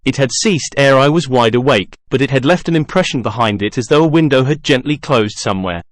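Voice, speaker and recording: A man narrating an audiobook in first person, measured, with dramatic outbursts. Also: mid-range voice, no echo, clean studio sound.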